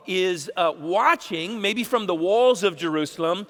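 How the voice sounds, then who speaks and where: A man's voice: high voice, lively intonation, measured pace, fairly bright tone, in a large hall. A man, a pastor, preaching a sermon in a casual storytelling way, acting out bits of dialogue.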